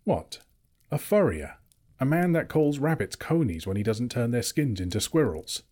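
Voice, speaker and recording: A man's voice: mid-range voice, big pitch swings, normal speed, darkish tone. A man reading aloud, voicing a curious young male hobbit in a raised, eager questioning tone.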